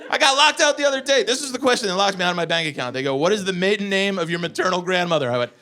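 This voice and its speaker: A man in his forties performing a stand-up comedy set, telling profane, animated stories with acted-out asides. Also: sits high, very fast, a faint crowd. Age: 40s. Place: comedy venue with a live audience. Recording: live show with loud audience laughter.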